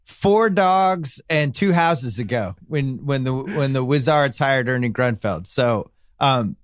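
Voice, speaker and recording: A man's voice: medium pitch, expressive, takes it slowly, no echo. A man hosting a casual podcast, running through the show lineup in an upbeat, rambling way with frequent restarts. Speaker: podcast host.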